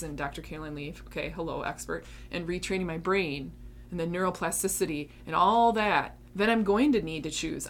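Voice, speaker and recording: A woman with a slightly low voice gives an earnest, emphatic faith talk to her listeners. She shifts into spoken prayer and sometimes talks to herself. A faint hum sits under the recording. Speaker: Christian podcast host.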